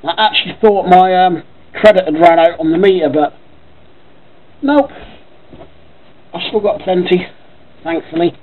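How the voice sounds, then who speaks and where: A man's voice: sits high, fairly even intonation, a little fast, phone-quality sound, slight background noise. A man with a Norfolk accent rambling casually in a home vlog, chatty and swearing offhandedly. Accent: Norfolk English. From Norfolk, England. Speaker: vlogger. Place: at home by his computer.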